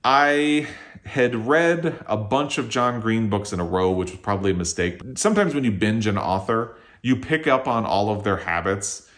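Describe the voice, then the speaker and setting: Guy w a lowish voice venting about books he hated, emphatic, kinda exasperated, casual home vlog. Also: lively intonation, normal speed, a bit bright. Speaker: book reviewer and channel host. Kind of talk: casual opinionated book review. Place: at home on a couch.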